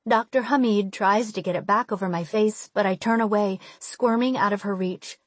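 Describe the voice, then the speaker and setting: A woman reads a first-person audiobook in a mid-range voice on a close studio mic, without echo. She keeps the narration measured and lets the dialogue carry emotion.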